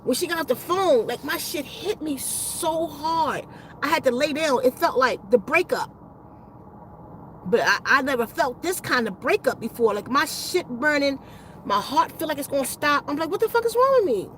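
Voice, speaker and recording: Woman on a livestream, high pitched, rambling and swearing, super casual, faint noise behind her. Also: lively intonation, moderate pace, fairly bright tone, poor audio. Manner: rambling, profane, emphatic. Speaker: spiritual healer and channel host.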